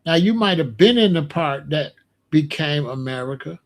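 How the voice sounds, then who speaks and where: Middle-aged man, fairly high voice, blunt profane rant, dismissive and repetitive. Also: lively intonation, normal speed. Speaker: commentator reacting to comments. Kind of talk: casual ranting commentary.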